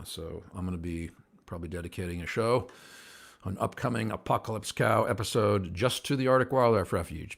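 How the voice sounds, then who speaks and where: A man hosting a casual livestream show, talking to viewers at home in an earnest, rambling way that sometimes gets worked up. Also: fairly low pitch. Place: at home by a window, indoors.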